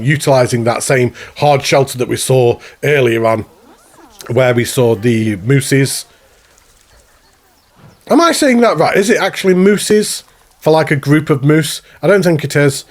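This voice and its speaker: A man giving chatty, rambling commentary while touring a zoo in a video game, often laughing at himself. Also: medium pitch. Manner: chatty, rambling, self-mocking. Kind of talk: casual gameplay commentary. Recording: faint background music.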